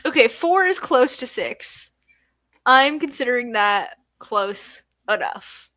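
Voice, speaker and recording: Sleepy, slow-talking young woman streamer. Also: a little high, lively intonation, bright, forceful tone, dry recording. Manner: sleepy, yawning, chatty. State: tired. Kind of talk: casual livestream chat.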